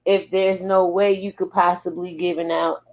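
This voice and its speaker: Her voice is fairly low and a little mellow, with a level tone. She hosts a laid-back commentary show, drawling slowly through posts she reads aloud and breaking into frequent laughter.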